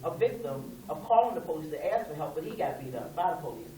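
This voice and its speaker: A woman's voice: deep voice, lively intonation, fast talker, dark tone. Far-off folksy woman telling stories. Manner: conversational, folksy storyteller who acts out quoted dialogue. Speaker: local civil rights chapter president. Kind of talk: storytelling talk at a community meeting. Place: community meeting room. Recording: echoey room, speaker far from the mic, faint hiss.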